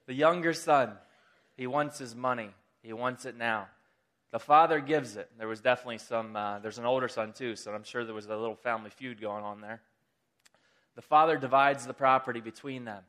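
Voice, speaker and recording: A man preaching a sermon, retelling a story in a lively, casual way with chatty asides. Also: a little fast. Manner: animated storytelling, pitch rising with excitement.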